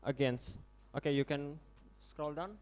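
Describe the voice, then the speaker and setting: A young man with an Indonesian accent, chairing a model UN vote in English, halting and often correcting himself as he calls on delegates. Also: a little high. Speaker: conference chair.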